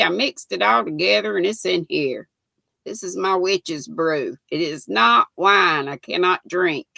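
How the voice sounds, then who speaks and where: Older woman, gravelly livestream host. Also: on the low side, animated, normal speed, pushed and bright, no echo. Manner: chatty, greets viewers by name, reads trivia aloud. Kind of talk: casual livestream chat and trivia reading.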